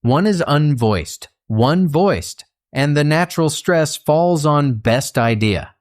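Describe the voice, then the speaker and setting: Slow, measured male narrator. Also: fairly high pitch, expressive. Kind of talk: scripted instructional narration.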